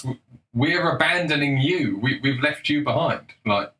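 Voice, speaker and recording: A man's voice: medium pitch, a little fast, sharp tone, poor audio. A young man giving a blunt, combative, sarcastic opinion monologue, swearing freely. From England. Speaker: political commentator.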